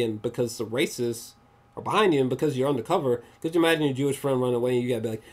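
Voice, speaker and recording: An excitable vlogger rambles through a spoiler-filled movie review, swearing freely and restarting sentences as the thoughts tumble out. The pitch leaps up and down in a lively sing-song. It is an unscripted, chatty delivery. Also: quick pace. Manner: animated and excitable, swears often.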